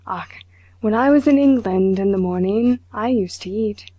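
A woman reading an excitable gossiping man. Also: medium pitch, normal speed, no room sound, dull audio, lightly acted. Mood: eager.

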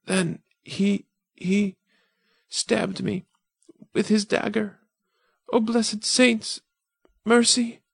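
A man's voice: high-pitched, fairly even intonation, extremely slow, creaky, long pauses, breathy edge, no room sound, studio quality, pitched above the performer's own voice, full character voice. A man voicing a frightened young village girl who is dying, speaking in weak, faltering gasps. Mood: gasping, pleading. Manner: gasping, faltering breaths. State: weak and fading. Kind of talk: audiobook character voice.

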